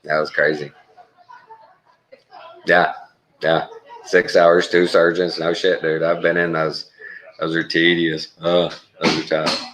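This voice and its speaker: A middle-aged man with a very low voice tells rambling, laid-back stories in casual chat. He drawls easily and swears offhandedly. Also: monotone, slow, long pauses, noisy background. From Texas. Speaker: traveling surgical tech.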